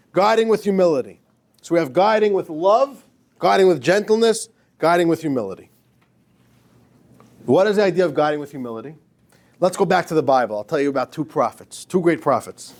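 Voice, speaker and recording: Casual, emphatic rabbi teaching a class. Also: male voice, on the high side. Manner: casual, emphatic, slangy, joking with students. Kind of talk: informal classroom lecture. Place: classroom with students.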